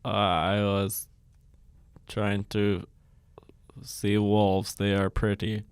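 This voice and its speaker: A man doing an improv scene as a stiff Russian man named Vladimir, with a put-on Russian accent and hesitant, halting lines. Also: lowish voice, monotone, smooth, dry recording. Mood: deadpan.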